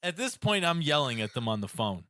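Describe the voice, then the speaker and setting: A man on a casual podcast telling an animated, ranting story about phone calls and acting out both sides. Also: fairly high pitch, a little fast, dry recording, studio quality. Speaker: podcast co-host. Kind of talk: casual chat.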